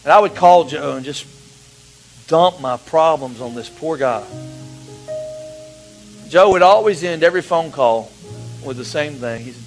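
A man preaching a sermon, telling a personal story with emotion, his voice dropping to a hush and rising again. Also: on the high side, lively intonation, measured pace, long pauses, faint music behind, low-quality recording. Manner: emotional storytelling, swings from hushed to raised.

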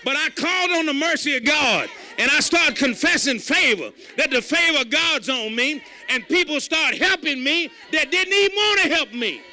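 High, bright-voiced folksy preacher man. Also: expressive, normal speed, few pauses. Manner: folksy, emphatic preaching with shouted peaks. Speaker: pastor. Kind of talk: sermon.

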